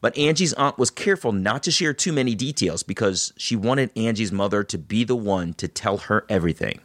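A man's voice: on the low side, expressive, brisk, a bit bright, no echo, studio quality. A man interviewing a guest and narrating her story between her answers, with affirming reactions.

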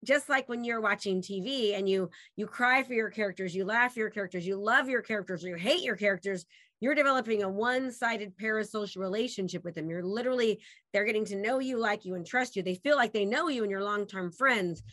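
Woman host, bright sharp voice, enthusiastic, dry close sound, video call. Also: medium pitch, a little fast, no echo. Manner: enthusiastic, effusive. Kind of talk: casual interview chat.

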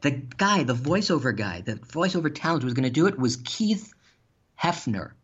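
A man telling stories in casual chat, animated and laughing, with some swearing. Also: on the high side, moderate pace, husky. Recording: dull lo-fi sound.

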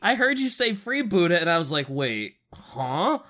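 A co-host in casual chat, excitable, laughing and swearing often. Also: medium pitch, fast, a loud crowd.

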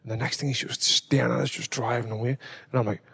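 A man hosting a casual chat, telling stories with lots of swearing and loud acted-out quotes. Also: medium pitch, quick pace, gravelly, husky. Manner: animated storyteller, swears freely, acts out quotes loudly. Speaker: podcast host.

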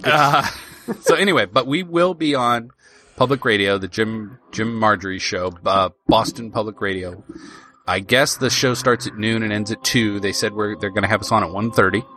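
A man from Indiana co-hosts a podcast, chatting casually in animated banter and laughing often. His voice is on the low side at a normal speed.

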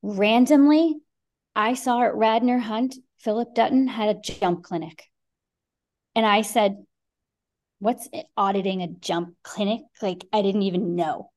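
A middle-aged woman guest on a podcast, telling a story in a lively way, acting out quotes and swearing freely. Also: medium pitch, measured pace. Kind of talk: animated storytelling.

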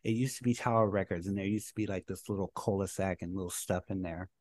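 A middle-aged man, a guest, recounting his life story in a casual, animated way and laughing at his own memories. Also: sits low, fast talker, slight background noise.

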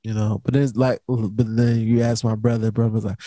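A man's voice: lowish voice, flat delivery, normal speed, warm tone, no echo. A young man hosting a casual late-night podcast, talking in a laid-back, rambling way full of slang. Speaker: podcast host.

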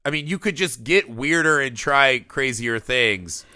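Bright-voiced man, animated podcast chatter. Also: mid-range voice, unhurried, dry recording, studio quality. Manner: animated, laughs often, swears casually. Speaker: podcast host. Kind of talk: casual podcast film chat.

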